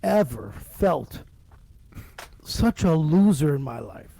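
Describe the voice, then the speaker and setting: A man's voice: fairly high pitch, sing-song, slow pace, creaky, warm tone. A man on a casual podcast, ranting and swearing as he tells stories about annoying strangers. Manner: ranting, profane, quoting people in acted voices. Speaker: podcast co-host.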